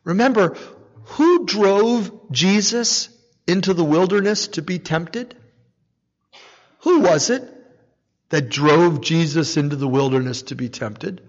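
A man's voice: high voice, takes it slowly, pauses often. A man preaching a conversational sermon who keeps checking in with the congregation by asking "right?" and chuckles now and then. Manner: asks the congregation "right?" again and again, with a light chuckle. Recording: dull, reverberant recording in a big hall.

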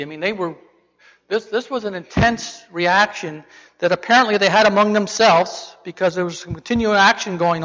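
A man's high-pitched, slightly bright voice carries a conversational Bible lesson, with the preacher throwing rhetorical questions at his audience. It was recorded in a hall that sounds dull and reverberant.

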